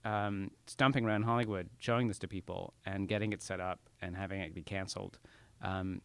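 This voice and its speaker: A man being interviewed about his writing, talking casually, self-deprecating and halting with many restarts. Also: low-pitched, fairly even intonation, gravelly, a bit bright, smooth, no echo. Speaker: author guest.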